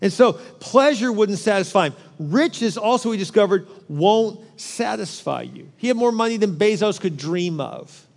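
High-voiced joking preacher in a hall. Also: male voice, lively intonation, normal speed, creaky, hardly any pauses. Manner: joking, conversational preaching with asides to the crowd. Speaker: pastor. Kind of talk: sermon.

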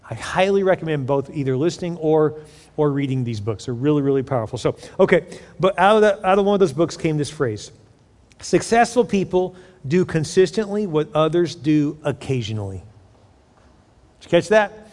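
A man in his forties preaching a sermon to his congregation as their pastor, talking casually and asking the crowd questions. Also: sits high. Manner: conversational, asks the congregation questions. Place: large church sanctuary. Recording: long hall reverb.

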